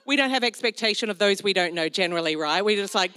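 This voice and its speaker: A middle-aged woman preaching a sermon as pastor, animated, telling stories with acted-out asides. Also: mid-range voice, brisk.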